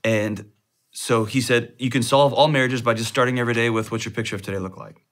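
Man, 40s, interview guest, bright voice, animated storyteller, playful. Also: mid-range voice, fast talker. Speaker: guest expert.

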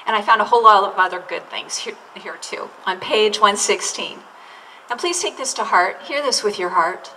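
A woman's voice: mid-range voice, moderate pace, sharp tone, slight background noise. A woman pastor delivering a sermon, preaching in an earnest way and drawing out key words for emphasis. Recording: distant mic with faint room ambience.

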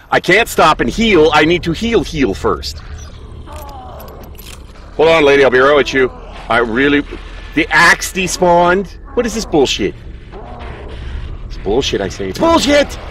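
A young man commentating his own horror game playthrough in a casual, animated way, cursing and laughing at his mistakes, with allergies that make him clear his throat. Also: on the high side, slight background noise. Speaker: gaming streamer. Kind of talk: casual let's play commentary.

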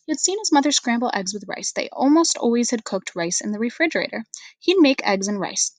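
A woman reads a children's storybook aloud with expressive, steady narration. Her voice sits a little high and is close to the microphone in a dry room. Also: fairly quick, no echo. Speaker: reader.

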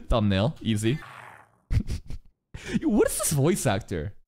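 A man's voice: a little high, huge pitch swings, extremely slow, long pauses, a little mellow, faint music behind. A man reacting live to an anime as a streamer, laughing often, teasing the characters and swearing freely. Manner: teasing, mock-outraged asides. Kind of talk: casual live reaction commentary.

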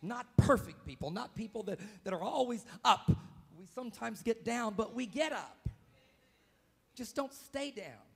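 A man preaching a live church sermon as pastor, dramatic and vocal, acting out scenes with sudden shouts. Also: very high voice, animated, unhurried, gravelly, breathy edge. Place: church sanctuary, live service.

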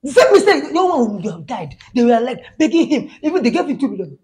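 Uma atriz fazendo uma vizinha nigeriana fofoqueira e exaltada. Voz aguda e muito expressiva, gagueja, ri no meio das frases e mistura pidgin. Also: female voice, sits high, very animated, fast, mellow. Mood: excited. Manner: stammers, laughs mid-sentence, mixes pidgin. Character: gossipy excitable neighbor woman, dramatic and superstitious. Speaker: comic skit actor. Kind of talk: comedy skit acting.

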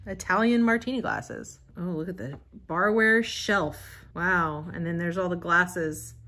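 Woman host, casual vlog commentary; chatty and excitable, reads lines aloud and reacts. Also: on the low side, measured pace. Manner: chatty and excitable, gasps and laughs at items. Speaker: vintage catalog vlogger. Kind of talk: casual commentary while reading a catalog.

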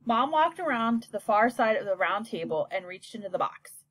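Lively woman narrating a children's book. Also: medium pitch, moderate pace, no echo. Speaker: audiobook narrator. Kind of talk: scripted storybook narration.

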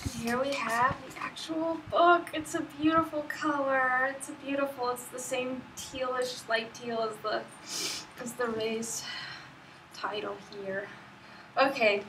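Woman author vlogging at home, high voice, sounds a bit far off from the camera. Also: measured pace, a little hiss or hum. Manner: chatty, expressive, talks straight to viewers. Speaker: author unboxing her book. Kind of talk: casual vlog to camera. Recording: echoey room, voice off-mic.

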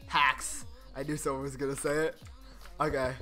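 A man streaming gameplay, chatting casually, getting excited and laughing often. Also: mid-range voice, normal speed, over music. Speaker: gaming streamer. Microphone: desk microphone.

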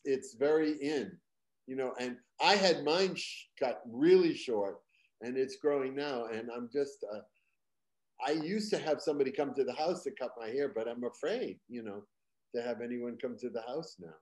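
An older man with a Boston accent, a comedian guest on a podcast, trading quick teasing wisecracks. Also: mid-range voice, a little mellow. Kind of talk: casual interview chat.

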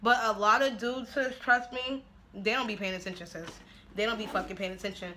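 Brash, bright-voiced woman vlogger. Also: mid-range voice, fairly even intonation, fairly quick, slight background noise. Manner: brash, profane and laughing. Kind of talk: casual get-ready-with-me chat. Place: at home, making dinner while filming.

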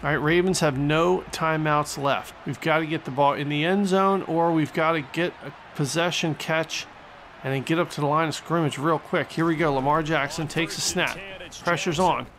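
A man giving excitable play-by-play commentary over a football video game, exclaiming at big plays and mocking the other team. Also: on the high side, moderate pace. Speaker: gaming channel host. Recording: stadium crowd noise from the game behind.

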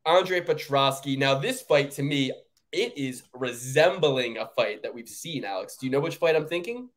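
Profane, ranting American man. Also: normal speed. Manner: animated, profane ranting with big pitch jumps. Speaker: podcast co-host. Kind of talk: casual sports betting chat.

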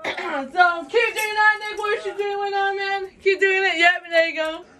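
A woman vlogging to her phone in a giggly, excitable way, calling out to her viewers over and over. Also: very high voice, a little slow, recorded from a distance. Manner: giggly, excitable, keeps saying "you guys". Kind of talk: casual phone vlog. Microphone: phone set down nearby.

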